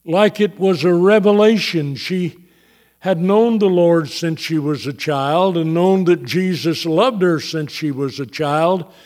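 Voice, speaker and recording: An older man preaching a sermon, telling a personal testimony in a slow, halting way and rising into fervent scripture. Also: on the high side, a little mellow. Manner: slow, halting, reading from notes.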